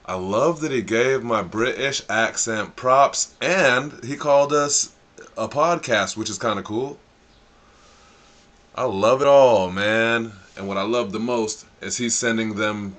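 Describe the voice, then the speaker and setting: A man's voice: mid-range voice, slow, fairly bright tone. A man hosting a livestream in a casual, joking way, reading viewer captions aloud and swearing freely. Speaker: livestream host.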